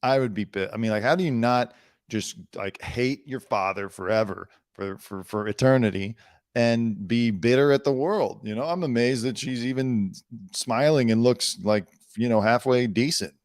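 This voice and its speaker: A man's voice: mid-range voice, moderate pace, no room sound, clean studio sound. Sarcastic male entertainment news host. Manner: sarcastic, rambling riffs between read-out headlines. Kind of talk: casual news commentary.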